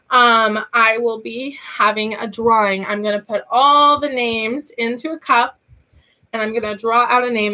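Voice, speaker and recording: A woman's voice: a little high, fairly bright tone. Chatty woman host with a sore throat. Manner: chatty and rambling, laughs often. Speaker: online teacher and channel host. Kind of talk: casual live-stream chat.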